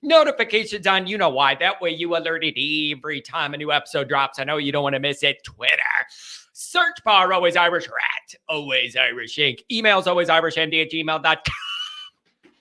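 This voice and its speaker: A man hosting a live sports call-in show, excitable and joking, who breaks into yelling. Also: a little high, moderate pace.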